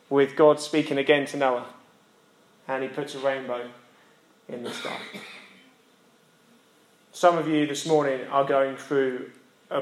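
A young man, a lay preacher who teaches physics, giving an earnest sermon that repeats its key lines for emphasis. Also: a little high. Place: church hall. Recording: echoey church room.

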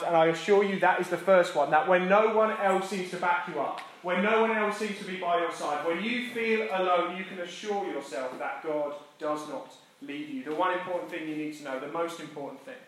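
A man with an Essex accent preaching a sermon, jokey and lively, then dropping soft and quiet to drive a point home. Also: high voice, brisk, hardly any pauses, heavy reverb, rough recording. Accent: Essex English. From Essex, England. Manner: animated, jokey, drops to soft intimate delivery for emphasis. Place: church.

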